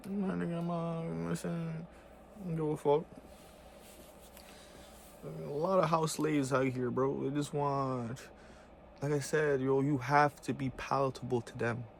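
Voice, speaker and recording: A man's voice: on the high side, fairly even intonation, a little slow, gravelly, long pauses, a little hiss or hum. A man in a heated, casual vlog rant, full of profane slang and repeated fillers. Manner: heated, profane slang, repeats "bro" and "you know what I'm saying". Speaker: vlogger.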